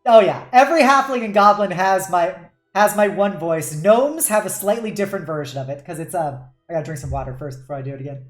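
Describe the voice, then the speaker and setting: A woman's voice: lowish voice, fast, few pauses. Chatty woman in an echoey room. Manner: chatty, laughs often. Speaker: host and game master. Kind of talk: casual roundtable chat.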